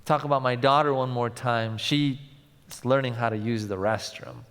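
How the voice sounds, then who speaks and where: A male pastor preaching a sermon, telling stories and swinging from loud to hushed. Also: medium pitch, moderate pace, clear, resonant tone. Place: large church. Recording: long church hall reverb.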